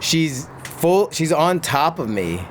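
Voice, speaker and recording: A man's voice: on the high side, big pitch swings, slow pace, slight background noise. A middle-aged man telling a crude story on a podcast, often laughing and restarting his sentences. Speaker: podcast guest, pro BMX rider and stuntman. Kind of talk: casual storytelling.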